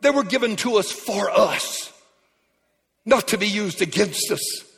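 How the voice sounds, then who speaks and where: Pastor preaching in a reverberant church: high, husky male voice, emphatic, rising to shouts. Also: lively intonation, unhurried. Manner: emphatic, swings from quiet to shouted peaks. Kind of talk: sermon preaching. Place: church sanctuary. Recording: long hall reverb.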